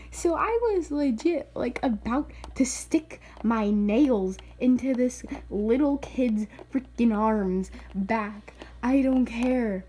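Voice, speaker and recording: A woman's voice: high-pitched, slow pace, few pauses, dark tone. A woman vlogger telling a story in casual chat, filler-heavy and quoting voices with animation. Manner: chatty, filler-heavy, often says "like".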